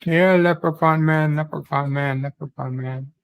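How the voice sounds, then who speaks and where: A man's voice: on the high side, fairly even intonation, moderate pace, slight background noise, close to an everyday voice, rough recording. A man voicing a jolly Irish man hunting leprechaun gold, in a put-on Irish accent, hearty and drawn out.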